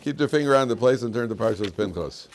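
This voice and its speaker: A man's voice: medium pitch, lively intonation, fast talker, a little hiss or hum. A man teaching a class as a rabbi, repeating his key lines for emphasis and telling stories. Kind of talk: classroom lecture. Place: classroom with students.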